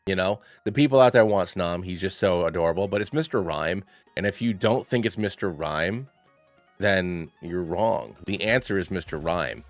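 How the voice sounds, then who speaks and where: A young man with a lowish voice talks casually as a channel host. He thinks aloud and rambles playfully, with plenty of fillers. The recording is dry and close, with faint music underneath. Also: animated, moderate pace, no room sound. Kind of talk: casual gaming commentary.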